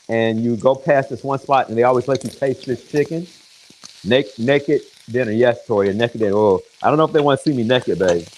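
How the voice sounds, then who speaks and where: A man's voice: medium pitch, slight background noise, rough recording. Joking man cooking live. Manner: joking, chatty, talks to viewers by name. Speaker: home cook streaming to viewers. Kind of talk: casual live cooking chat. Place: home kitchen, indoors. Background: sizzling pan.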